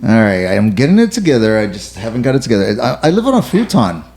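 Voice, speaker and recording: A man's voice: lowish voice, very animated, fast talker. Goofy, teasing co-host man. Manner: goofy, teasing, loud jokes. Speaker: podcast co-host. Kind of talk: casual podcast chat.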